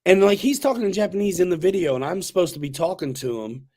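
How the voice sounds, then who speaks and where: A man's voice: high-pitched, fast talker, mellow. Laid-back slangy man hosting a livestream. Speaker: host. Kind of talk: casual livestream chat.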